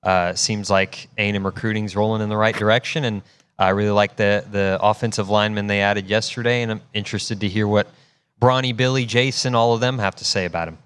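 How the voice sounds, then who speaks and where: Smooth, low-voiced man. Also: fairly even intonation, a little fast, fairly bright tone. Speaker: show producer. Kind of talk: casual radio chat. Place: radio studio.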